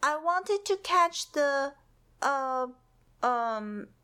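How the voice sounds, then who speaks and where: A woman voicing a shy, timid little boy mouse in a storybook read-aloud, speaking softly and hesitantly. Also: high voice, animated, drawn-out words, pitched above the performer's own voice, full character voice. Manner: hesitant, soft-spoken.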